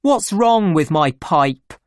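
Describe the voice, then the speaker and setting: Reader doing a pleased young doctor in a storybook, lively voice, slow pace. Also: medium pitch, dry recording, voice pushed up. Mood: contented. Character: young English doctor, a pleased pipe smoker.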